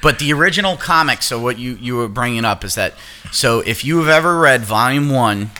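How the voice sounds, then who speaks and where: Bright-voiced man hosting a casual podcast. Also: mid-range voice, lively intonation, fairly quick. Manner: rambling, swears casually, explains at length. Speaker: podcast host. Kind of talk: casual chat.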